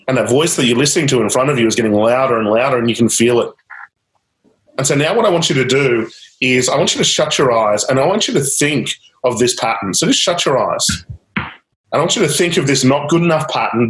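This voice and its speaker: A man's voice: mid-range voice, a bit bright. Man coaching in a roomy echo. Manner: guiding, repeats prompts, laughs lightly. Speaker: change-technique coach. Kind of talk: live coaching demonstration.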